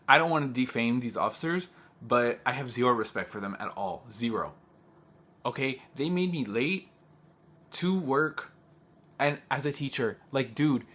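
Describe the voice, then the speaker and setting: A man's voice: mid-range voice, fairly bright tone. A young man, a teacher, telling a personal story in a casual vlog. He talks in an agitated way, says "like" often and quotes the other people in the story. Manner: agitated, heavy use of "like", quotes others in dialogue.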